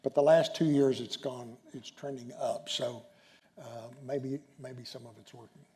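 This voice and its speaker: A man, a senior judge, answering questions on stage at a dinner, talking in a halting way with many ums and restarts. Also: medium pitch, steady tone, darkish tone. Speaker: chief justice being interviewed. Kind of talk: onstage conversation at a dinner event. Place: hotel banquet room.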